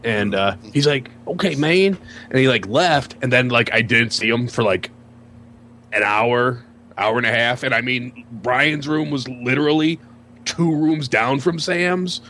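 A man tells a story in relaxed chat. He speaks haltingly and fills his pauses with uhs and you-knows, with a faint hum under the recording. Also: mid-range voice. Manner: halting, filler-heavy storyteller.

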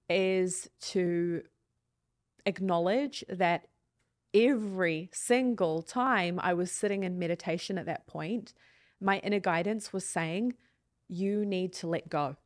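A woman's voice: fairly low pitch, dry recording, studio quality. A woman in her thirties, a podcast guest, telling a personal story in a candid, reflective and earnest way. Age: 30s.

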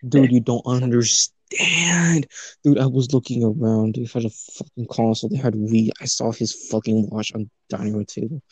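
Profane rambling young man, mellow tone. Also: on the low side, little pitch movement, a little fast, few pauses, slightly rough, no echo. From Los Angeles. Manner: rambling, profane, laughing storytelling. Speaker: storyteller. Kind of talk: casual podcast chat.

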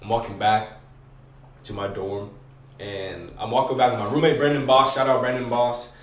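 A man's voice: mid-range voice, moderate pace. Slangy young man, distant roomy mic. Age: young adult. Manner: slangy, profane, animated retelling. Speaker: podcast guest. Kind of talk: casual storytelling. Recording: roomy echo, distant mic, faint background.

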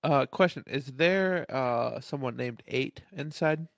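A man playing a tabletop game, chatting and asking quick questions. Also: mid-range voice, vocal fry, a bit bright, dry recording, clean studio sound. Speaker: player. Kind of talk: casual tabletop play.

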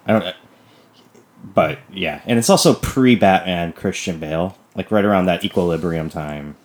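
A man, co-hosting a casual movie podcast in a wry, laid-back way. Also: low voice. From United States. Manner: wry, laid-back, quick to laugh along. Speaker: podcast co-host.

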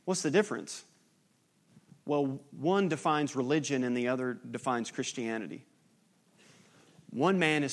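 A man in his thirties, a pastor, preaching a sermon in a conversational, animated style that builds to an impassioned climax. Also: mid-range voice, normal speed, pauses often.

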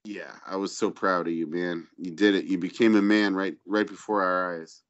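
A lower-voiced man swaps crude stories on a casual podcast. He rambles and swears freely. The audio is muffled and lo-fi. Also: steady tone, normal speed. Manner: rambling storyteller, profane. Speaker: podcast co-host. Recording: dull lo-fi audio.

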